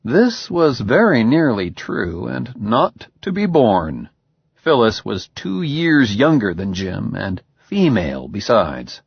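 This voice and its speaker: A man narrating an audiobook in an expressive, measured way. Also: medium pitch, creaky, slightly rough, no room sound. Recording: slightly dull, dry recording.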